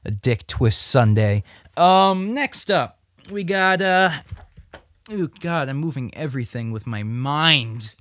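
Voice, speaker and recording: A man's voice: fairly high pitch, animated, slow, fairly bright tone, no room sound. Rambling, joking young man reviewing comics. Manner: rambling, joking, crude asides. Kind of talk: casual vlog review.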